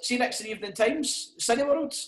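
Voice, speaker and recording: A man's voice: very high-pitched, fast talker, fairly bright tone. A Scottish man and comedian chatting casually on a podcast, swearing a lot and laughing through his stories. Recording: roomy echo.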